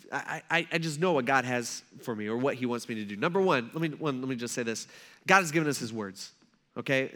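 A man's voice: medium pitch, fairly bright tone. A male pastor preaching a sermon in a conversational storytelling manner, with plenty of casual asides.

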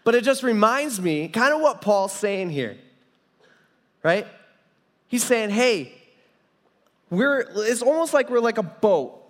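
A man's voice: very high-pitched, animated, slow, pauses often. A young man preaching a sermon and telling a personal story in a casual, rambling way, full of fillers and restarts. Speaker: pastor. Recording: long hall reverb.

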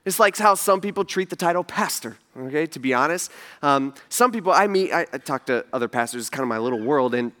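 Speaking quickly in a voice on the high side, a male pastor delivers a sermon to his congregation from the church stage. He tells stories animatedly, tossing in humor and casual asides to the people listening.

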